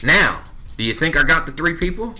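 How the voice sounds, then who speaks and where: A man's voice: on the high side, sing-song, a little fast, sharp tone. A man in his thirties telling a story in casual podcast chat, bluntly, swearing freely and acting out both sides of conversations. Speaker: podcast guest.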